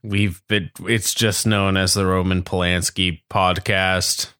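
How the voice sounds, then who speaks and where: A man's voice: low voice, flat delivery, slow, bright, forceful tone, clean tone. A man chatting on a comedy podcast, joking and swearing, with frequent restarts. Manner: jokey, swears, stumbles and restarts. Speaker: podcast guest. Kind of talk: casual comedic banter.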